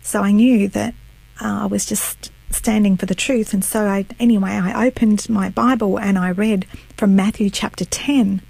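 A middle-aged woman sharing her faith testimony as a guest. She tells it earnestly, with a gravelly edge to her voice, recorded close and dry. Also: medium pitch, fairly even intonation, moderate pace, a little mellow, no room sound, poor audio. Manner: earnest storytelling, acts out quotes. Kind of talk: personal testimony.

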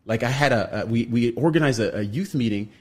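A man with a husky, somewhat breathy voice sits in as a guest on a radio show, telling a long personal story. His pitch sits in the middle range for a man. He tells it in an animated way, jumping up high to act out what other people said. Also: a little fast.

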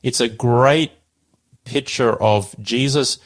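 A man's voice: medium pitch, takes it slowly. A man casually explaining a Bible passage, animatedly acting out the quoted dialogue.

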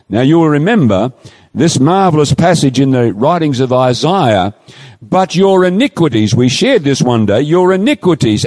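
A man preaching a sermon in a fairly high, very animated voice, swooping up and down as he stresses each point. He stretches out scripture quotes slowly and pleadingly. His voice rings with a long reverb, as if in a large hall. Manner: emphatic, pleading, drawn-out quoting of scripture.

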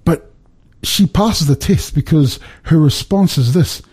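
Speaking unhurriedly in a slightly high, husky voice with a darkish tone, a man teaches from the Bible in casual conversation. His explanations build step by step, punctuated by check-ins like "right?" and "you know".

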